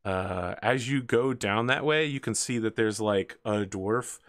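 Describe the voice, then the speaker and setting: Brief: casual game-master narrator, low voice, dry sound. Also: male voice, unhurried, a bit bright, no echo. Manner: casual, many fillers like "uh" and "like".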